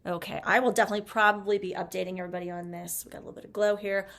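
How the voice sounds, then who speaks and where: A woman's voice: mid-range voice, level tone, very fast, creaky, fairly bright tone. A woman chatting casually through a makeup review, gushing as she applies products. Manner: chatty, gushing, talks while applying makeup. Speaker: beauty vlogger.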